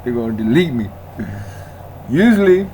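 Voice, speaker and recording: A man's voice: medium pitch, expressive, moderate pace, dark tone, a little hiss or hum. A man in a casual ranting monologue who repeats himself, laughs often and talks in slang. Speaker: vlogger.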